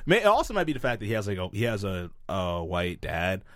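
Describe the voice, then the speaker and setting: A man from Zimbabwe chatting casually on a podcast, telling stories in an animated, slangy way with lots of fillers. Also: fairly low pitch, fast talker, dry recording, studio quality.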